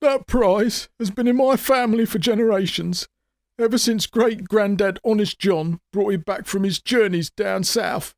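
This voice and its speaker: A man's voice: a little high, very animated, unhurried, no room sound, studio quality. A man voicing a greedy, cowardly fairground showman with a wheedling, oily manner. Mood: whiny. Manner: wheedling, oily, turns whiny.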